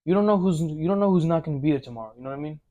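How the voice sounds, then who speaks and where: A man's voice: on the high side, animated, racing, warm tone, muffled recording. A young man talking earnestly and casually on a podcast, full of slang.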